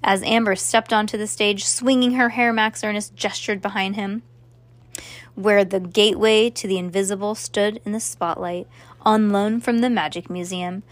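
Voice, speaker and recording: A woman's voice: medium pitch, fairly even intonation, normal speed. A woman reading a children's novel aloud, stopping now and then to chat and react to the story. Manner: chatty, breaks off to react to the story. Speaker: reader.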